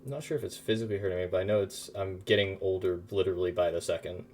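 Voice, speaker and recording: A man playing a tabletop game, speaking calmly and earnestly about his character. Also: low voice, rapid-fire. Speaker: player.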